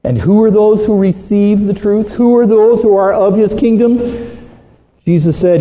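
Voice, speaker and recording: A man delivers an earnest, emphatic sermon, his voice high and unhurried. The sound is thin and phone-like, and his words ring out through a long, echoing hall. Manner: earnest, emphatic, dramatizes Bible quotes. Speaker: preacher.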